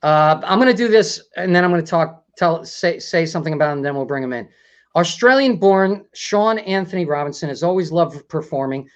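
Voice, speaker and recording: High-voiced rambling male host. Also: animated, brisk, dull audio. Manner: rambling, laughing often. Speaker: talk show host. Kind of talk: casual talk show chat.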